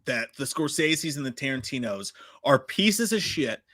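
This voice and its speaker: A man co-hosting a podcast, talking in an exasperated, animated way and swearing a lot. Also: mid-range voice, normal speed, dry recording, clean studio sound. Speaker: podcast co-host. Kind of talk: casual profane chat.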